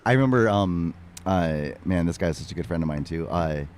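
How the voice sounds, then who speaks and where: A man with a very deep voice hosts a podcast and tells a story. He rambles and halts, filling the gaps with "uh" and "um." Faint noise sits behind him. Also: animated, a little mellow. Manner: rambling, halting, lots of "uh". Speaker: podcast host. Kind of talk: casual conversation.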